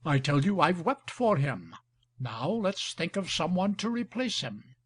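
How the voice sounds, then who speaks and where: A man reading the part of a scheming older marquis with gout, speaking in an ironic, flattering way. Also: a little high, measured pace, full character voice. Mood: wry. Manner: ironic, flattering, smooth talker.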